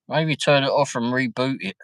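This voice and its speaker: A man's voice: mid-range voice, a bit bright, no room sound, poor audio. Jokey man chatting on a livestream. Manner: chatty, jokey, answers viewer comments. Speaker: livestream host. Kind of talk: casual live-stream chat.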